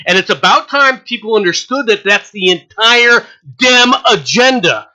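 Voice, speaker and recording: A political commentator delivers an emphatic rant, mocking opponents with scorn. The voice has a bright, cutting edge and a medium pitch. The speaker drives each point home by repeating it again and again. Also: lively intonation, a little slow, dull audio. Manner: sarcastic and mocking, with scornful laughs.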